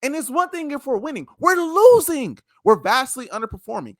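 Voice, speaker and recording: A man's voice: very high-pitched, big pitch swings, fast, sharp tone, dry recording, studio quality. A man co-hosting a sports podcast, ranting passionately and repeating himself for emphasis in a heated debate.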